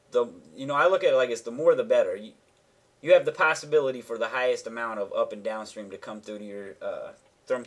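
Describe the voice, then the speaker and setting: Casual rambling male gaming vlogger. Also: mid-range voice. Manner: rambling, loose and conversational with restarts; slangy, offhand. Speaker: gaming channel host. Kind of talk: casual tech vlog explanation.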